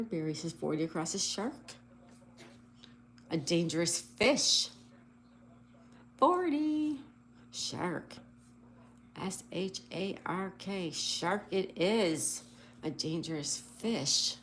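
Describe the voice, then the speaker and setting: A woman with a medium-pitched voice runs a casual livestream, reading viewer comments out loud and brightly spelling words letter by letter. Slight background noise can be heard.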